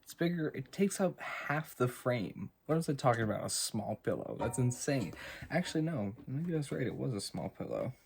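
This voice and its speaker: An American man chatting casually and softly for an ASMR video, rambling and laughing at himself, recorded on a phone in a home studio. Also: mid-range voice, very animated, moderate pace, vocal fry, a little hiss or hum. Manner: rambling, self-amused, laughs often. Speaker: ASMR creator. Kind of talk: casual ASMR chat with soft whispering. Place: home studio with haze and lights. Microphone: phone on a gimbal.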